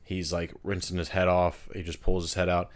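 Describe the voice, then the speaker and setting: A man's voice: low-pitched, normal speed. A man co-hosting a podcast, talking casually about a film, often repeating his first words as he gets going. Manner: animated, repeats words when starting sentences. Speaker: podcast co-host.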